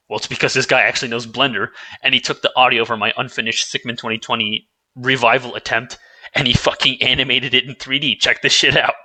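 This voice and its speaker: A man's voice: medium pitch, fairly even intonation, fast, bright, forceful tone, slightly rough, rough recording. A man talking to his viewers in a casual, rambling vlog, often restarting his sentences and swearing offhandedly. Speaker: YouTuber.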